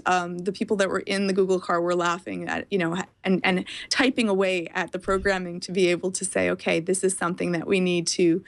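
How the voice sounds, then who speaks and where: A woman guest speaking as a parent, explaining her views in an animated, quick way and often laughing. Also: lowish voice. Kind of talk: casual chat.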